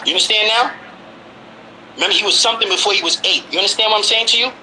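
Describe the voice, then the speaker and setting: A fast, high-pitched man from Brooklyn, New York, in his forties, talking heatedly and pressing his listener with repeated questions. His voice is very bright and sharp, with a faint hiss of background noise. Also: low-quality recording. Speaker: guest. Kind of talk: heated casual conversation.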